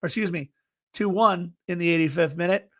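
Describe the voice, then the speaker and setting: A man with a high voice co-hosts a soccer fan podcast. He talks in a casual, excitable way and shouts out listeners in the chat. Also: fairly quick. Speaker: podcast co-host.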